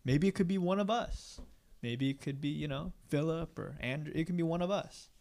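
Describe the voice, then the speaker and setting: A man's voice: fairly high pitch, normal speed, darkish tone. Candid, self-mocking man giving a casual sermon. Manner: candid and self-deprecating, many fillers and rhetorical "right?". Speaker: pastor.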